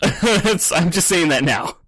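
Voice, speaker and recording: Lively joking man podcaster. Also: on the high side, slow pace, husky, no echo, studio quality. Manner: joking, teasing, laughs often. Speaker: podcast co-host. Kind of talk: casual chat among friends.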